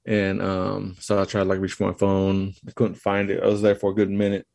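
A man with a low, gravelly voice tells a story casually as a podcast guest. He retells events in a halting, meandering way. The sound is dry and close. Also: completely flat delivery, darkish tone, no room sound.

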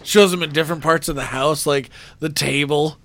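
A man's voice: a little high, steady tone, moderate pace, a bit bright. A man co-hosting a podcast in casual chat, laughing often and teasing playfully. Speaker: podcast co-host.

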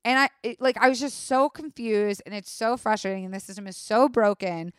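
A young woman tells a story straight to the camera in a lively, profane rush, packed with "like" and big reactions. Her voice is smooth and clear, recorded close with a dry sound. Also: mid-range voice, fairly quick, dry recording. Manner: animated, profane, lots of "like". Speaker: vlog host. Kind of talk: casual storytelling.

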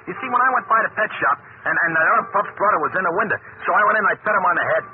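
An actor playing an excitable cab driver sidekick who talks in slang and repeats himself, in a 1940s radio drama. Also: male voice, high voice, racing, phone-quality sound. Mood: eager. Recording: scratchy old radio broadcast, hissy.

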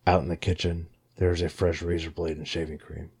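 A man putting on a creepy puppet figure who sets cruel games, speaking low, slow and menacing. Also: level tone, a little mellow, breathy edge.

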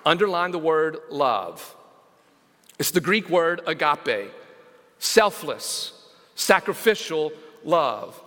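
A male senior pastor preaching a sermon, stressing scripture slowly and calling out to the congregation. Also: fairly high pitch, animated, a bit bright, long reverb tail. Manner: emphatic, slows down to stress scripture; engages congregation with call-outs.

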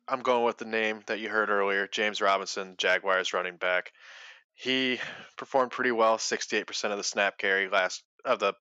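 A man with a low, forceful, bright-edged voice, laid-back as he gives his pick on a casual football podcast. The sound is dry and close. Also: clear, resonant tone, dry recording, lo-fi sound. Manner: laid-back, brief quips. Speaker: podcast co-host. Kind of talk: casual chat.

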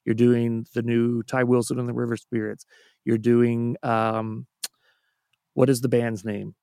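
A chatty man, talking as a guest on a podcast. His mid-pitched voice is strongly gravelly, and he laughs easily. The recording is dry and close. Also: flat delivery, measured pace, dry recording. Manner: warm, chatty, laughs often. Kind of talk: casual chat.

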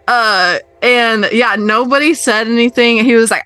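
A woman's voice: a little high, measured pace, few pauses, no room sound, faint music behind. A young woman casually telling a story on a podcast, acting out the other people in it. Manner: animated, acts out other people's voices.

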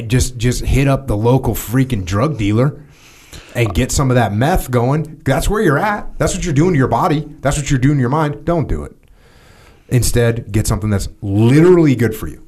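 A man's voice: medium pitch, animated, moderate pace, a little mellow, slightly rough. A man hosting a podcast, talking casually and emphatically about sponsor products, repeating phrases for emphasis and joking. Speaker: podcast host. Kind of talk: casual chat with sponsor reads.

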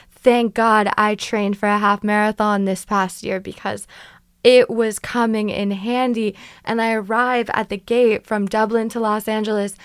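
A young woman vlogger telling a travel story in a chatty, dramatic way with quick asides. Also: medium pitch, a bit bright, clear, resonant tone, no echo, clean studio sound. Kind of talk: casual storytelling vlog.

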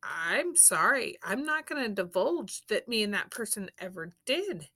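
A woman's voice: medium pitch, sing-song, measured pace, pushed and bright. A woman co-hosting a podcast, talking bluntly and emphatically in a casual reality-TV recap chat, swearing freely. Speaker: podcast co-host.

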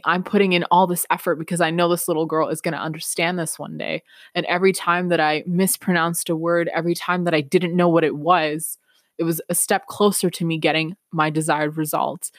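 Low-voiced woman telling a personal story. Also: no echo, studio quality. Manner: earnest, reflective, laughs now and then. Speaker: podcast host.

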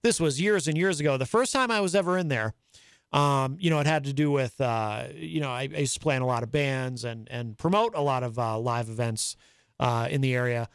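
A man's voice: mid-range voice, fairly quick, clear, resonant tone, dry recording, clean studio sound. A man hosting a live talk show, chatting casually and reading viewer comments aloud. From New England, US. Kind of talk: casual live-stream chat.

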